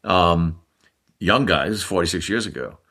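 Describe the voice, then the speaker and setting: A deep-voiced American man in his sixties, a former Olympic hockey player, is a podcast guest. Speaking at a normal speed, he tells a long story with animation, acting out the people in it.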